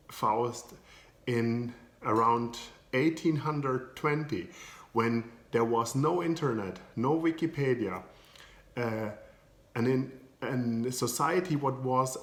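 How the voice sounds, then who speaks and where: A man with a German accent, a coach giving an educational video talk in English with hesitant, non-native phrasing and many filler sounds. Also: mid-range voice. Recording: echoey room.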